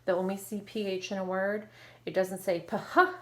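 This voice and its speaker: A woman teacher leading an online phonics lesson, modeling sounds clearly and slowly and praising her students. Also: medium pitch, level tone, a little mellow. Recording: echoey room with faint noise.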